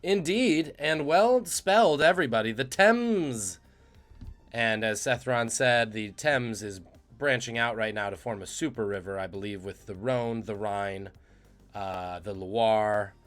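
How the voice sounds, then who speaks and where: A man's voice: lowish voice, animated, a little slow, a bit bright, soft background music. A man hosting a live trivia stream, joking and reading out the chat's guesses. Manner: jokey, punning, reads chat aloud. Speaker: trivia quiz host.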